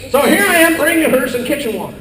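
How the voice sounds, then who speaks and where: An older man performing a corny comedy slide show for a live audience, narrating and yelling out quoted lines. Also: very high voice, very animated, fast talker, noisy background. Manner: corny storytelling with exaggerated yelled quotes. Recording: echoey live hall from far off with audience.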